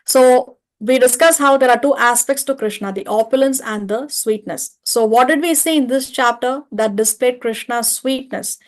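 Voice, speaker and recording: Casting: woman, slightly high voice, calm methodical class teacher. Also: moderate pace, hardly any pauses. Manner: patient, explains step by step with rhetorical checks. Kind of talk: online study-class lecture. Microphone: video call or home mic.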